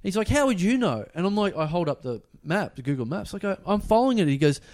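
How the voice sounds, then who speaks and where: A man's voice: sits high, fast talker. A man telling a story in casual podcast chat, swearing and acting out the people in it. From Australia. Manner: swearing, animated impressions of people in his story. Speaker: podcast host.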